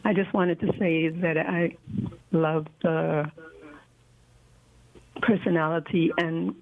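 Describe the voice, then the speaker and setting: A woman calling in to a live show, flustered and halting, apologising as she talks. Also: low-pitched, flat delivery, narrow, tinny audio. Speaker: caller.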